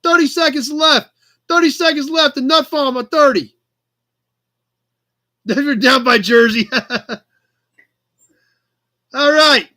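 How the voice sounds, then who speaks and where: A man's voice: extremely high pitch, takes it slowly, pauses often, sharp tone, voice pushed up, heavily acted. A man voicing a brash, pushy New York auctioneer in a put-on New York accent, calling out bids. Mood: hamming. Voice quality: hammy, brash.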